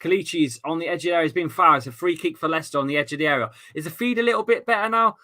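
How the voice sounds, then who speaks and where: This young man's voice is a little high and sharp, and he speaks at a racing pace while streaming a football watchalong. He chats casually through the live match commentary, reads out viewer comments and swears from time to time.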